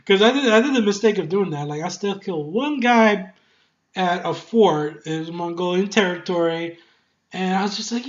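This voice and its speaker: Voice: medium pitch, normal speed. Hyped gamer rambling thru a review, cursing and laughing, kinda muffled lo-fi audio. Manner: excitable, swears a lot, laughs often; rambling with many fillers and restarts. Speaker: game reviewer. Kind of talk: casual video game review.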